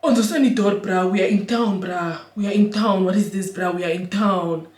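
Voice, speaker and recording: A woman's voice: mid-range voice, normal speed, darkish tone, distant mic, close to an everyday voice. A woman voicing a fussy, exasperated male club DJ trying to break up a fight. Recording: roomy echo.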